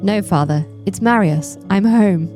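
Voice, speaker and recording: A woman voicing an earnest, dutiful young man who has returned home, reading game dialogue in a slightly lowered, steady, polite voice. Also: measured pace, music in the background, close to an everyday voice.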